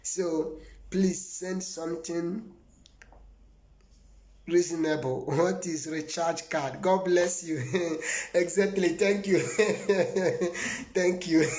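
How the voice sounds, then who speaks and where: A Nigerian man with a high voice preaches live to his viewers as a prophet. He talks in an emphatic, rambling way, laughs often and answers viewers by name. His voice rings in an echoey room.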